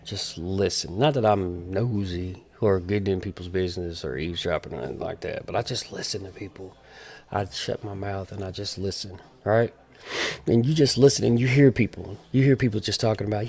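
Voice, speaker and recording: A man in his forties speaks straight to camera with a low, gravelly voice. He talks in an emphatic, repetitive way, preaching his point like street talk. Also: fairly quick, darkish tone. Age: 40s. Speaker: vlogger.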